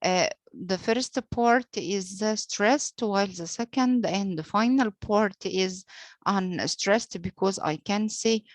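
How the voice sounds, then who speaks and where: Slow, careful woman teaching poetry meter. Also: mid-range voice, no echo. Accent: British-leaning English pronunciation. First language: Arabic. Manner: slow and deliberate, frequent "uh" pauses, spells out letters. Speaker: English literature teacher. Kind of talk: slow explanatory lecture.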